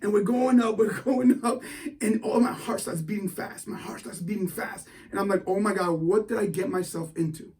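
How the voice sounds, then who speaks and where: A man giving a motivational talk, telling a story in an animated, excitable way with frequent restarts. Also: high-pitched, normal speed, far from the mic. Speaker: motivational speaker.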